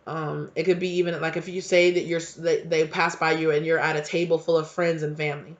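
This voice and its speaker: A man's voice: fairly high pitch, little pitch movement, a little fast. A man giving a casual, chatty tarot reading with slangy, emphatic talk. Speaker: tarot reader. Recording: dull lo-fi recording.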